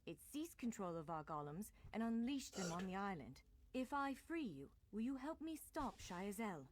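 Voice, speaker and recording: An actress plays a courteous, businesslike clanswoman from a fantasy video game, her voice rising and falling with lively range over a faint, steady ambient hum. She is polite and reassuring as she steers a newcomer. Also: medium pitch, moderate pace, natural voice. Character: courteous island clanswoman guiding a stranger.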